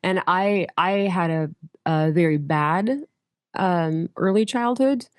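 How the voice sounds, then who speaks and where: Middle-aged woman, pastor, lively storyteller, acts out quoted voices, lowish voice, dry close mic. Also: takes it slowly, clean tone, no room sound. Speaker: guest pastor. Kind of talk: casual storytelling interview.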